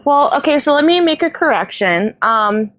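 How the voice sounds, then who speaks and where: A woman's voice: high-pitched, lively intonation, moderate pace, fairly bright tone, dry recording. A woman hosting a casual chat, giggly and coaxing as she puts questions to guests on a video call.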